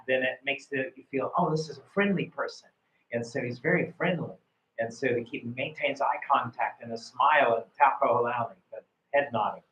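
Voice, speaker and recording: A man's voice: mid-range voice, fairly bright tone. A man coaching a student after a speaking test, praising his answers and often repeating words and restarting sentences. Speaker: IELTS speaking examiner and coach. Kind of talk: spoken test feedback. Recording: roomy, dull lo-fi sound.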